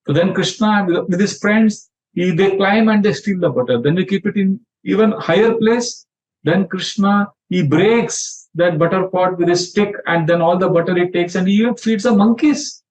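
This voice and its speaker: A man giving a scripture lecture as a spiritual teacher, narrating stories in an animated way and acting out the quotes. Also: high-pitched, moderate pace. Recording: dull lo-fi sound.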